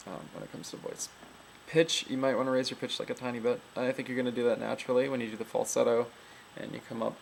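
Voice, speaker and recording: A woman's voice: extremely low pitch, vocal fry, a little mellow, a little hiss or hum, low-quality recording. A woman giving a casual, rambling voice tutorial, full of fillers and frequent laughs. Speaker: voice coach.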